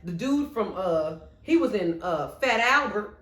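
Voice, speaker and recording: A woman vlogger ranking her favorite movies in casual chat, expressive, with playful asides. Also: medium pitch, a little slow. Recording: echoey room.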